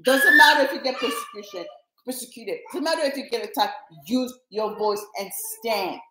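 A woman's voice: a little high, moderate pace, pushed and bright, roomy sound, slight background noise, rough recording. A woman preaching to viewers, emphatic and repetitive as she exhorts them and prays over them. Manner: emphatic and repetitive, rallying listeners.

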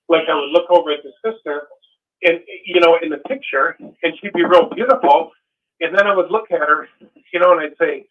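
A man's voice: fairly high pitch, expressive, brisk. Earnest man talking over a tinny phone line. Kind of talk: casual chat.

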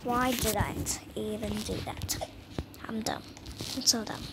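A young woman chatting through a video game in a high, excitable voice. She talks at a slow, drawn-out pace, repeats herself, and slips into whispers. The recording carries clear background noise. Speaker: gamer. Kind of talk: casual gameplay commentary.

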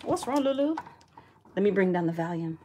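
A woman's voice: mid-range voice, lively intonation, fairly quick, a little hiss or hum. A woman, chatting blunt and sassy on a livestream wig tutorial. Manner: loud sing-song greetings to viewers, sassy and blunt. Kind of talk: casual livestream chat.

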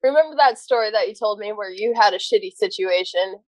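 A woman guest on a podcast in casual chat, lively, laughing often and swearing casually, recorded inside a truck. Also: medium pitch, brisk, no room sound.

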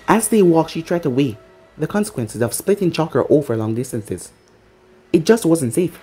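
A narrator reading a fan-fiction story aloud in an expressive way. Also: medium pitch, moderate pace, soft background music.

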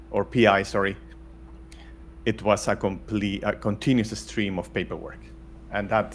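A man's voice: on the low side, a bit bright, slight background noise. A middle-aged man from Spain, talking bluntly as an interview guest with many restarts. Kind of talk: casual interview talk.

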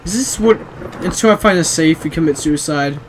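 A man's voice: fairly high pitch, brisk, slight background noise. A young man playing a horror game, jumpy, swearing often and talking to himself. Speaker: gamer.

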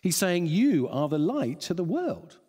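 A man's voice: a little high, sing-song, a little slow, mellow. A man preaching a sermon, chuckling often and restarting phrases as he thinks aloud. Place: church hall. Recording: long church reverb.

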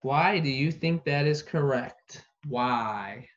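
A man teaching an online phonics lesson, saying each word slowly and repeating it for dictation. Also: medium pitch. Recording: dull lo-fi recording.

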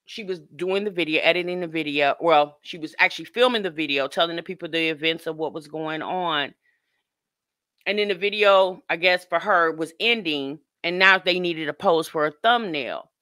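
A woman's voice: lowish voice, sharp tone, no echo. A woman hosting a live reaction stream, talking frankly in a casual way and greeting chatters by name. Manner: frank, lightly profane.

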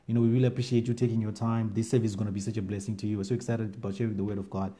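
A man preaching an online sermon during lockdown, excited and reading scripture with lively emphasis. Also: lowish voice, rapid-fire. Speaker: pastor.

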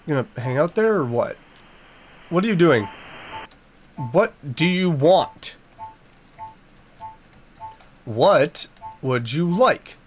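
A man's voice: fairly high pitch, lively intonation, slow, long pauses, faint music behind. A man giving let's play commentary, jumpy and reactive, talking to the game's characters and using mild minced oaths. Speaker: gaming YouTuber.

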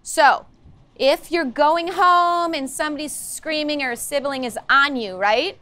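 High-voiced woman coaxing a classroom. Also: moderate pace, sharp tone. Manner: upbeat, coaxing, asks the class many questions. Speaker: social-emotional learning teacher. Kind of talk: classroom lesson. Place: school classroom.

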